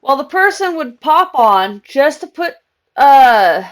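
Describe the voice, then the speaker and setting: High-voiced chatty woman game streamer. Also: very animated, takes it slowly. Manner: chatty, rambling, laughs often. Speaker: live streamer. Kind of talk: casual live-stream chat while gaming.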